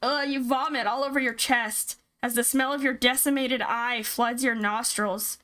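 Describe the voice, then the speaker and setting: A woman's voice: fairly high pitch, steady tone, normal speed, sharp tone. A woman streamer reading a horror visual novel aloud and reacting with startled outbursts. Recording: game music behind.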